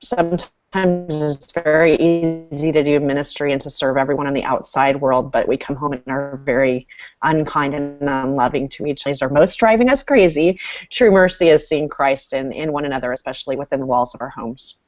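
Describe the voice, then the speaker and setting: A woman with a very low voice speaks on a panel in an earnest, encouraging way. The audio is muffled. A faint guitar plays underneath. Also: a little fast. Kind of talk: panel discussion.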